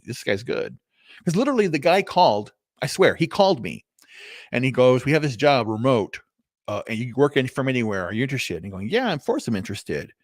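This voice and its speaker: A man's voice: mid-range voice, no room sound, clean studio sound. A middle-aged man talking live on camera in rambling, blunt reflections, swearing freely and restarting often. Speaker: vlogger.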